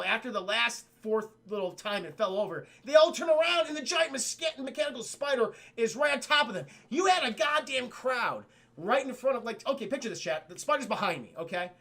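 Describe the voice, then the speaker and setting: High gravelly animated man recapping a film. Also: a little fast. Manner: animated, swears a lot, mimics characters mid-recap. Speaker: film reviewer streaming to chat. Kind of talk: casual profane movie recap to a live chat.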